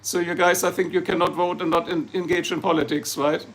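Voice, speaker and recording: Speaking with a German accent, a man from Germany rambles and jokes through a casual livestream, replying to viewer comments. The voice is high-pitched and a bit bright, level in tone and a little fast.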